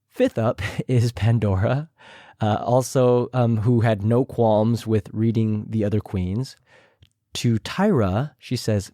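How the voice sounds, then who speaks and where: Casual male podcast host, young, recap delivery, average pitch, dry close sound. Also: unhurried, dark tone, no room sound. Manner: chatty, mimics others in a higher voice. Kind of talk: casual recap with imitated quotes.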